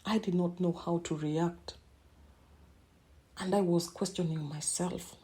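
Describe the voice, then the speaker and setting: A middle-aged woman with a low, mellow and slightly husky voice tells a personal story as a podcast host. Her delivery is halting and emotional, and she often repeats words mid-sentence. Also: steady tone.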